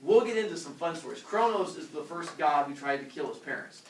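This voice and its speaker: A man with a slightly high voice teaches at a somewhat fast pace, animated and jokey, acting out voices as he explains. The recording is roomy classroom audio picked up from a distance.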